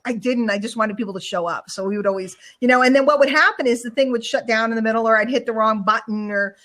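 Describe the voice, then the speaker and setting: A woman's voice: fairly high pitch, a bit bright. Chatty woman hosting an online show. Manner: chatty, rambling, quick storyteller. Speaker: show host. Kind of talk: casual online show chat.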